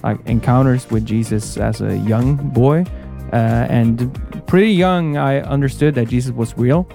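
Young man, radio guest, mellow voice, hesitant, faint music behind. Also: mid-range voice, unhurried, creaky. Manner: hesitant, many ums. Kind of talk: interview answer.

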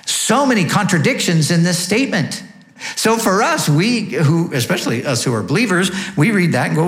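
Man, pastor, sermon, emphatic rhetorical questions, slightly high voice, roomy echo. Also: big pitch swings, moderate pace, fairly bright tone.

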